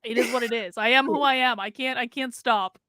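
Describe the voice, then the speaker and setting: A woman co-hosting a reaction stream over a video call, talking with a booming announcer-style delivery. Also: brisk, bright, forceful tone, no room sound, studio quality. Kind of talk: casual reaction commentary.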